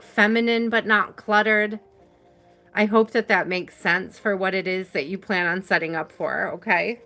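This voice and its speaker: A woman giving a live-stream tarot reading, speaking slowly and softly with many fillers, over soft background music. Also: medium pitch. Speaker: tarot reader.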